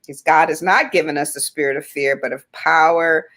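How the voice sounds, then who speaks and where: A woman with a fairly low voice hosts a faith-centered talk show. She talks in an encouraging, affirming way. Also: fairly even intonation, moderate pace, fairly bright tone. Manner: encouraging, affirming, frequent "right". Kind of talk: faith-based casual chat.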